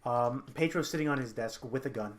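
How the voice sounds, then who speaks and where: A game master narrating a tabletop horror game, pausing and restarting mid-sentence as scenes are described. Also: mid-range voice, a little hiss or hum.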